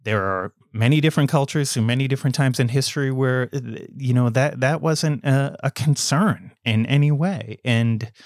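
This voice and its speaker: An American man chats as a guest on an interview show. He gets animated, stumbles and restarts his sentences, and sits at a middle pitch. The recording is dry and close. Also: moderate pace, hardly any pauses, no room sound. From United States. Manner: animated, stammers and restarts often. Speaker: guest author. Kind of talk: casual interview chat.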